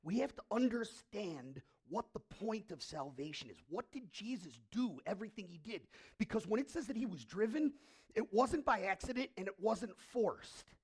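A man preaching a sermon as pastor, dropping to hushed asides and rising to loud, drawn-out declarations. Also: high-pitched, animated, husky.

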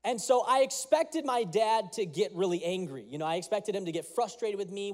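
High-voiced man preaching a sermon. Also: animated, a little fast, few pauses, a little mellow. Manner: earnest storytelling with prayer. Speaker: pastor.

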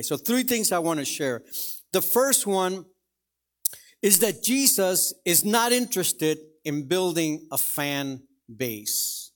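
A man with a high-pitched voice preaches a sermon to a congregation. He talks in a loose, conversational way, telling everyday stories and checking in with his listeners. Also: fairly bright tone. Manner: conversational, anecdotal, asks the congregation "right?". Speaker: pastor. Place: church in front of a congregation.

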